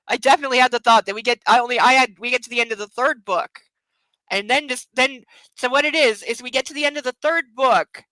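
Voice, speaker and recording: A woman's voice: sits high, fast, bright, forceful tone, no echo, low-quality recording. A woman hosting a book club livestream from home, chatting casually and gushing in baby talk to her dog.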